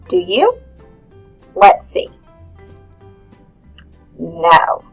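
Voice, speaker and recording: A woman's voice: mid-range voice, a bit bright, low-quality recording. A woman teacher leading young children through questions about a story, in a patient, questioning way. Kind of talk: guided lesson for young children.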